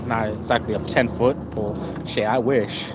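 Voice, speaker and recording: A young man live-streaming, retelling videos in a profane, animated, slangy way, full of stammered restarts. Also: fairly low pitch, normal speed, heavy background noise. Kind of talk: casual live-stream storytelling.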